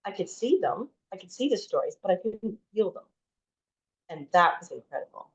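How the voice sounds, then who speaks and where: A woman's voice: medium pitch, sing-song, normal speed. A woman in her forties, a podcast guest telling a personal story in a chatty way, full of "like" and restarts. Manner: chatty, heavy use of "like", frequent restarts. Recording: dull lo-fi audio.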